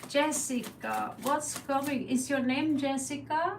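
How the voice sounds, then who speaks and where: A Norwegian woman hosts a tarot live stream, chatting loosely, swearing, laughing, and imitating crow calls. Her voice is high, a little slow, and gravelly. She sits far from the mic, and the low-quality recording carries slight background noise.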